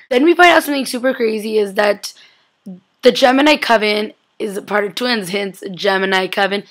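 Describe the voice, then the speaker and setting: A young woman recapping a TV episode in a chatty, excitable way, full of "like" and acted-out quotes. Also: mid-range voice, moderate pace. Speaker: vlogger.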